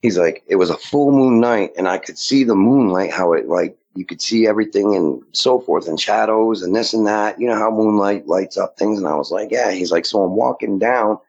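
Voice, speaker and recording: A man's voice: on the low side, moderate pace, vocal fry, hardly any pauses, darkish tone, breathy edge. A man casually telling a long story in a rambling way, often acting out what others said to him. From Maine. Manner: rambling, quotes others in dialogue. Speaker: guest recounting sightings. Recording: dull lo-fi audio.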